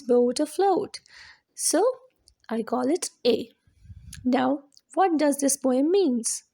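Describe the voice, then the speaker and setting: Lady teacher going over a lesson slow, high voice, kinda mellow. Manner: slow, explaining step by step with repetitions. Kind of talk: classroom lesson on limericks.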